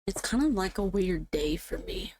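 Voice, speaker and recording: A woman's voice: mid-range voice, animated, normal speed, slight background noise. A woman streaming a game, playfully chatting to herself and humming little tunes as she plays. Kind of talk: casual gameplay commentary. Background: soft background music.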